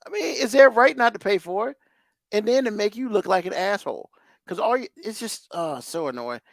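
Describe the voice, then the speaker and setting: Man, podcast host, gravelly, high-pitched, profane ranting, dry close mic. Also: animated, brisk, no echo. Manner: heated, profane, exasperated ranting.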